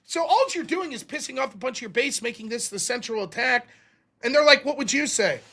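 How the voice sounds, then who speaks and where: Man, call-in show host, lively swooping pitch, bright sharp tone, profane incredulous rant. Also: fairly quick, vocal fry. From Pennsylvania. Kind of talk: casual political rant.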